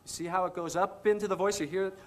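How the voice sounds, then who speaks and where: A man's voice: high voice, fairly even intonation, quick pace, a bit bright. A man teaching singing on an instructional video, patiently coaching each step. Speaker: vocal instructor.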